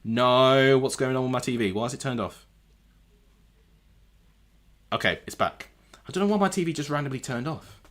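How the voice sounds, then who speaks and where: Very animated and fairly quick, with frequent pauses, a medium-pitched man streams a live football watchalong from a home room with a TV. He reacts to the match and keeps correcting himself aloud.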